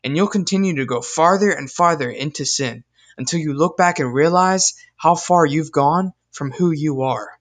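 A young man giving a scripted devotional talk, earnest and emphatic, reading scripture verses deliberately. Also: a little high. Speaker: speaker in a devotional video.

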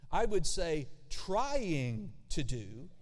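A man preaching a sermon as pastor, animated, with conversational asides and acted-out voices. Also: fairly high pitch, very slow. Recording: long hall reverb.

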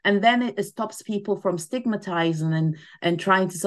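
A woman's voice: lowish voice, normal speed. A middle-aged woman speaking as a podcast guest, explaining things earnestly in a casual interview and often adding "you know". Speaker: podcast guest, mental wellness ambassador.

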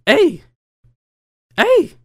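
Young man, casual storyteller, lively pitch, slangy, dry close sound. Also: very slow, no room sound. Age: young adult. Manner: animated, slangy, swings between loud and low.

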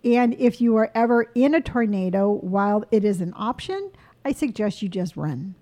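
A woman's voice: mid-range voice, expressive, moderate pace, warm tone. A woman co-hosting a casual chat, teasing and playfully bossy, often laughing. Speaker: podcast co-host.

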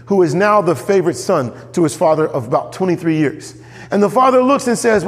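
High-voiced preacher in echoing hall. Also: male voice, a little fast. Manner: animated preaching, jumps high when voicing quoted characters. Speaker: pastor. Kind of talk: sermon.

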